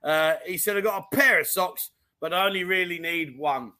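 A man hosting a casual livestream, chatty and animated, reading out viewer comments with plenty of slang. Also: high voice, moderate pace. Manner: chatty and animated, full of mate and diamond geezer slang. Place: home in Thailand.

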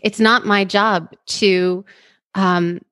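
A woman's voice: medium pitch, fairly even intonation, drawn-out words, a bit bright. Reflective woman in conversation. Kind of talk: conversational talk.

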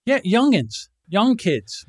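A man's voice: high-pitched, very animated, slow, no echo, studio quality. A man co-hosting a podcast, rambling and swearing freely, often laughing. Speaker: podcast co-host. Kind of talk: casual podcast banter.

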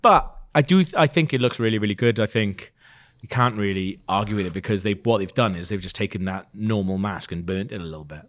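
A man, co-hosting a casual film review chat and talking with excitement, often trailing off mid-sentence. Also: fairly low pitch, brisk. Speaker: podcast co-host.

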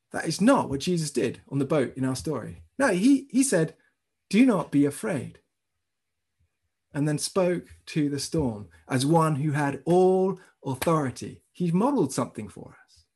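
Husky-voiced pastor preaching a sermon. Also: male voice, on the high side. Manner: storytelling, animated, talks directly to the congregation. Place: church service streamed online.

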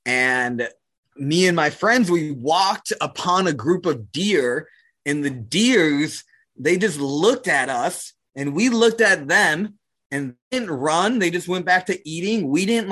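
Man, New Zealand accent, loose conversational talk, fillers and tag questions, slightly high voice. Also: a bit bright, breathy edge. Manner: casual, heavy use of "like" and "right?", laughs easily. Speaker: guest. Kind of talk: reflective conversational interview.

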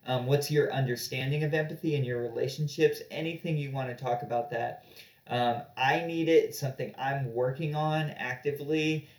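A man co-hosting a podcast, chatting casually and joking, with a mid-range voice. His talk is loose and full of fillers, and the room is echoey. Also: mid-range voice. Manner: relaxed, joking, with many fillers. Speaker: podcast co-host.

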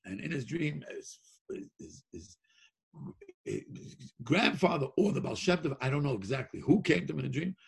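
Gravelly-voiced man telling an excited story. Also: on the high side, normal speed. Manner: excited, laughs often, shouts at climaxes; sings a Yiddish-style tune. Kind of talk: animated Hasidic storytelling.

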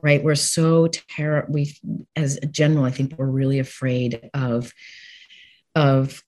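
A woman guest speaking frankly and warmly about grief, with easy laughter and dark humor. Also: extremely low pitch, level tone, measured pace. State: widowed. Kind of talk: candid conversation about grief.

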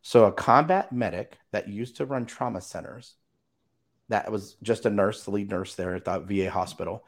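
A middle-aged man telling a personal story as a podcast guest, animated, acting out other people's lines and swearing casually. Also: lowish voice, normal speed, creaky. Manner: animated, acts out quoted voices, swears casually.

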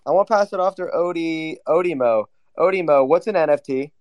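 A man's voice: on the high side, quick pace, no echo, highs cut off. A man hosting a casual group chat, rambling and swearing freely. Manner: swears a lot, rambling and loose. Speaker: host.

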